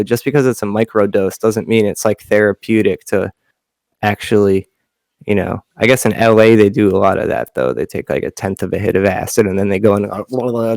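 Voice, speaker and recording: A man with a Western Massachusetts accent chats on a comedy podcast, rambling from one joke to the next with a wry, offhand delivery. His voice has a gravelly, fry-tinged texture. The sound is dry and close to the mic. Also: fairly low pitch, a little mellow, no echo. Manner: joking, rambling, wry asides. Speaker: podcast co-host. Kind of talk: casual comedy podcast chat.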